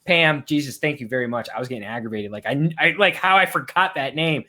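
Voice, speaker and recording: A man with a bright, forceful voice talks casually over a film he is watching, chatting with a co-host. He rambles, swears freely and stops to search for names. The pitch sits in an ordinary middle range. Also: expressive, fast. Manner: rambling, profane, loses his train of thought. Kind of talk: casual live movie commentary.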